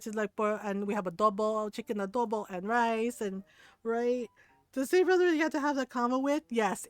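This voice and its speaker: A woman streamer casually telling a long family story, animated and full of "like" and "right?". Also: a little high, no room sound. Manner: animated, many fillers like "right?". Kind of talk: casual storytelling while gaming.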